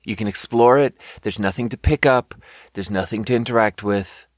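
A man's voice: lowish voice, moderate pace, no room sound, clean studio sound. A young adult man ranting in a casual podcast chat, exasperated and profane, rambling with many fillers. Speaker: podcast host. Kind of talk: casual rant.

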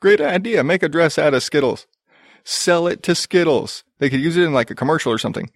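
A man's voice: fairly high pitch, animated, brisk, gravelly, no room sound, studio quality. A man hosting a podcast, ranting in a profane, exasperated and sarcastic way. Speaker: podcast host. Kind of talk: ranting casual commentary.

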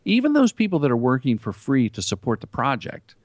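A man's voice: medium pitch, huge pitch swings, a little fast, no room sound, studio quality. A middle-aged man, a commercial director and comedian, telling anecdotes in an interview and acting out quoted lines. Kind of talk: storytelling interview talk.

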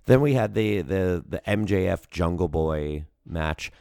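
Low-pitched and creaky, with lively intonation and an unhurried delivery, his dark tone comes through clear and resonant. It's a clean studio recording with no echo. As a podcast co-host in casual chat, he rambles with lots of fillers and restarts.

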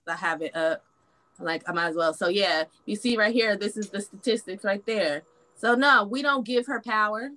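With a mid-range, sharp voice at normal speed, a female reaction show host gives casual political commentary on her stream. She's blunt and swears freely, working herself up and then pulling back.

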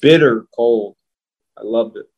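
An older man talks in a loose, rambling way as an interview guest, drifting between stories and dropping the odd curse. His pitch sits in an ordinary middle range. He is heard over a remote call. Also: moderate pace, husky, dull audio. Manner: loose and rambling, swears casually. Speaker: guest actor and songwriter. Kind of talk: casual interview chat.

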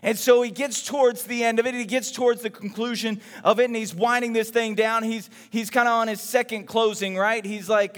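A man from Texas preaching a sermon in a conversational, animated way, acting out everyday voices. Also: high-pitched, brisk, few pauses, long reverb tail. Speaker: pastor.

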